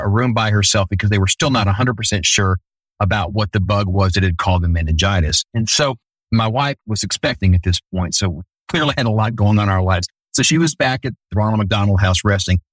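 Middle-aged man, low voice, earnest storytelling, dry close sound. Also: no room sound, low-quality recording. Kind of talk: storytelling in a conversation.

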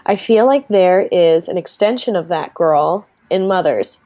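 A woman in her twenties co-hosting a casual chat, telling stories and acting out quotes in lively voices. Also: lowish voice, unhurried. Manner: chatty storyteller, acts out quotes in animated voices. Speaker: podcast co-host.

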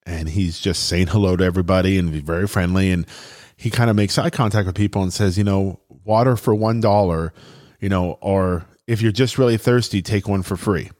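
A man's voice: low-pitched, steady tone, a little fast, darkish tone. A man telling a personal story in an earnest, chatty way, with fillers and restarts, at times getting choked up.

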